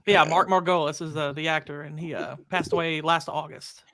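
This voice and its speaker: Man with a bright, slightly high voice. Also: steady tone. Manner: short quick reactions, laughs often. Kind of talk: casual podcast chat.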